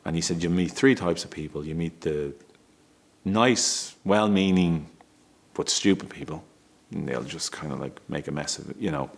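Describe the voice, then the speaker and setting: In a creaky, very deep, low-pitched voice at normal speed, a middle-aged father recounts a story about his family. His telling is candid and emotional, with stumbles, restarted sentences, and little bursts of laughter.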